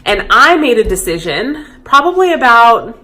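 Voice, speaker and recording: A woman's voice: on the high side, big pitch swings, moderate pace, sharp tone. A woman in her thirties talking candidly and reflectively to camera in a personal vlog. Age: 30s. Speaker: vlogger.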